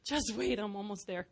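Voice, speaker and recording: A woman preacher chatting casually in a goofy, giggly way, laughing often and sometimes dropping to a hushed aside. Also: medium pitch. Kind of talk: casual personal chat.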